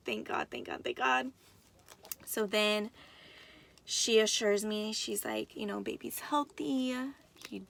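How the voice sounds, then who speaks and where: A young woman tells a story to her viewers in a chatty, excited way, turning again and again to talk to them directly. Her mid-pitched voice carries a gravelly fry. She talks like a vlogger sharing news with friends. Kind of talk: casual storytelling to camera.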